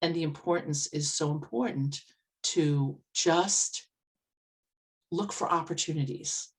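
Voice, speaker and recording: A woman life coach speaks earnestly to an online meetup over a video call, with a notably low-pitched voice. She tells stories conversationally and with vivid detail. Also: slow pace, breathy edge. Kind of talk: storytelling talk at an online meetup. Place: old farmhouse, indoors.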